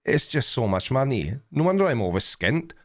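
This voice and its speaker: A man's voice: mid-range voice, very animated, normal speed. Middle-aged male livestream host, rambling, self-mocking, reads chat aloud.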